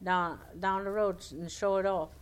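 A woman's voice: mid-range voice, fairly even intonation, moderate pace, smooth, lightly acted. A woman voicing a pushy, scheming male rabbit trickster in a folktale, coaxing and wheedling.

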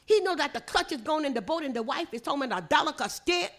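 A woman's voice: on the high side, animated, unhurried, fairly bright tone. An older woman reading the lines of an angry, broke young male fisherman in a told story. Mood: aggrieved. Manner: storytelling read-aloud, emphatic.

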